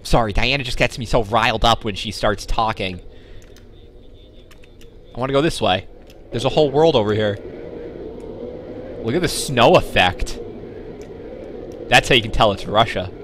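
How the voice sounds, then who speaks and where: A man's voice: mid-range voice, moderate pace, pauses often, a bit bright, a little hiss or hum. A young man hosting a gaming video, giving sarcastic, jokey running commentary as he plays. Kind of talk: joking let's-play commentary.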